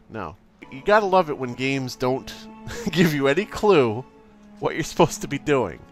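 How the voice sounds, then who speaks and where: A man doing let's play commentary, exasperated, swearing a lot and reading the game's options out loud. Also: mid-range voice. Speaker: gaming YouTuber.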